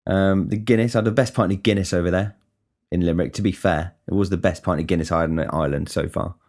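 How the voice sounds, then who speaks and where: A man's voice: low voice, fairly even intonation, fast talker, darkish tone. A young man from the talks. He rambles through casual stories, swears freely and stumbles into frequent restarts. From England. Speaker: podcast host. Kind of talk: casual storytelling monologue.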